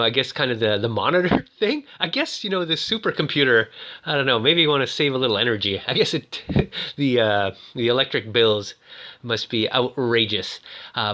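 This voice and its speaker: A man's voice: mid-range voice, sharp tone. A man giving casual, jokey commentary on a movie, exclaiming often. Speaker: movie reviewer.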